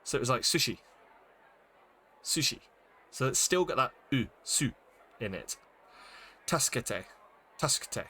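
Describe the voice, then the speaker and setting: Man, bright voice, casual streamer chat, thinks aloud, lots of ums and restarts. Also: mid-range voice, sing-song, unhurried, long pauses, slightly rough. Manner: thinks aloud, sounding out words with many fillers. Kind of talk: casual live-stream chat while reading Japanese.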